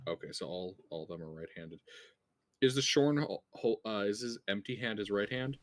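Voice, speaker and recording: A man's voice: on the low side, normal speed, no echo. A man playing in a tabletop game, speaking hesitantly with many fillers. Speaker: player.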